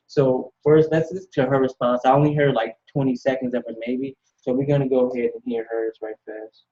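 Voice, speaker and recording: A man's voice: mid-range voice, fairly even intonation, fairly quick, mellow, dull audio. Blunt man giving casual commentary. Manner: blunt, dismissive. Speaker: commentary host.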